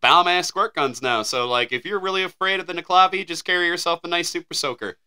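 American man, podcast co-host, joking and offhand, very bright tone. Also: on the high side, fast talker, smooth. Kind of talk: casual chat.

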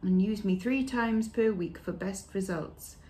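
A woman's voice: mid-range voice, unhurried, warm tone. A woman chatting casually as she unboxes beauty products, reading labels aloud with fillers along the way. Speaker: beauty vlogger.

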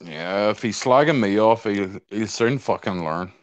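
A man's voice: on the low side, expressive, measured pace, dry recording. Sweary man on a muffled call line. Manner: sweary, defensive. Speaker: livestream guest. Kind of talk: casual chat on a video call.

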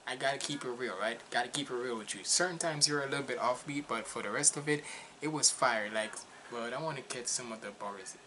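A man with a non-native English accent hosting a casual reaction video, chatty and excitable, laughing often. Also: mid-range voice, fairly quick, few pauses, slight background noise.

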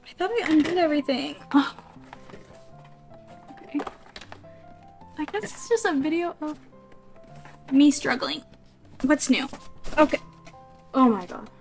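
A woman vlogger chatting excitedly to her viewers as she unboxes collectible toys, gushing and struggling with the packaging. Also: high voice, measured pace, gravelly, pauses often, soft background music. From California, USA. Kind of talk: casual unboxing vlog.

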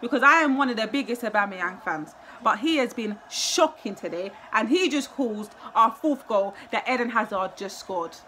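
A woman's voice: a little high, expressive, moderate pace, hardly any pauses, bright, forceful tone, a little hiss or hum. A young woman, a football fan giving a live, emotional match reaction full of exclamations and repeated phrases.

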